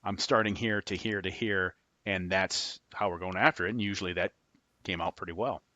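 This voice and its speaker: A man with a lowish, bright, forceful voice tells stories as an interview guest, acting out the dialogue and laughing often. The sound is dry and close. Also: moderate pace, no room sound. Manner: animated storyteller, laughs often, acts out dialogue. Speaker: guest, former FBI agent. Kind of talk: storytelling in a podcast interview.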